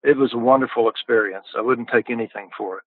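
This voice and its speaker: A man's voice: mid-range voice, quick pace, breathy edge, dry recording. Older man on a tinny phone line. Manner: folksy, repeats words when starting sentences. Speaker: podcast guest. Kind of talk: casual storytelling.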